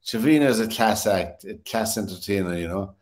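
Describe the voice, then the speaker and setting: A man's voice: lowish voice, fairly quick. A man on a sports panel show, chatting casually and often repeating words as he searches for them. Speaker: studio panelist.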